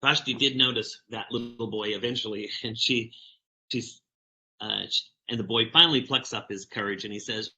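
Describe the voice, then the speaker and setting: A man's voice: medium pitch, fairly even intonation, moderate pace, pushed and bright, highs cut off. A man giving a conference talk, animatedly reading a picture book aloud and telling stories to the audience. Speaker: keynote speaker.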